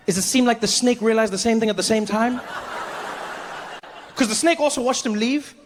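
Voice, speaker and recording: A male stand-up comedian telling an animated story and acting out every character. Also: very high voice, normal speed, noisy background. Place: comedy stage with laughing audience.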